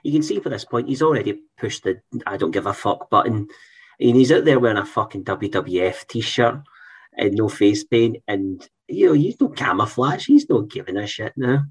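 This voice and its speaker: A man's voice: mid-range voice, sing-song, moderate pace, husky. A man co-hosting a podcast, talking bluntly and enthusiastically with casual swearing. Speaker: podcast co-host.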